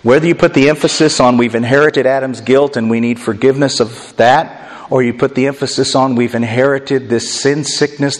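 Middle-aged man, pastor preaching; earnest, self-deprecating, deliberate emphasis; reverberant church hall. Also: medium pitch. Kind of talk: sermon. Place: church sanctuary.

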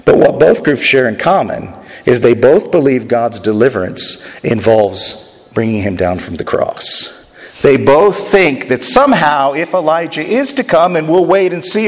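A man preaching a sermon, explaining scripture and growing more emphatic as he goes. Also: in a large hall. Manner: expository, rising to emphatic pitch when quoting.

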